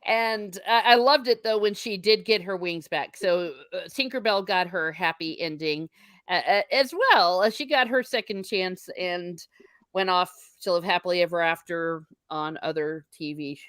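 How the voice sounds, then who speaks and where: A woman's voice: lowish voice, moderate pace, fairly bright tone, no room sound. A woman co-hosting a casual chat, rambling along with lots of fillers. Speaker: podcast co-host.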